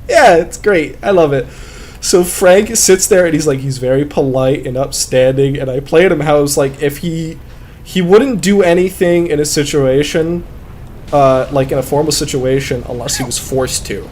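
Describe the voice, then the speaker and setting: A man's voice: a little high, normal speed, a little mellow. Casual male gamer host, rambles, swears, close desk mic, faint noise. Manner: rambling, swears often, many fillers. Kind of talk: casual chat while playing a game.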